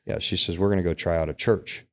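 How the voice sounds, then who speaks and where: A man's voice: low-pitched, fairly even intonation, quick pace, slight background noise. A middle-aged man, a podcast guest, tells a candid, emotional personal story in casual conversation, often checking in with "right?" and "you know".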